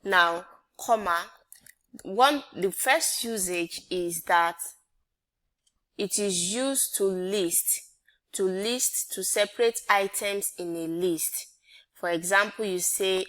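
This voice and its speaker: A woman gives a grammar lesson in a bright, forceful voice, pitched mid-range. She repeats her points and tosses rhetorical "what?" questions at her class. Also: slow. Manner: repeats each point, quizzes listeners with "what?". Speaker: English teacher.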